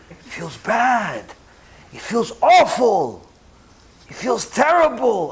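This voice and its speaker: A rabbi giving a sermon, telling stories with emphatic repetition and animated delivery. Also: male voice, very high voice, slow, long pauses, a little hiss or hum. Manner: repeats phrases for emphasis.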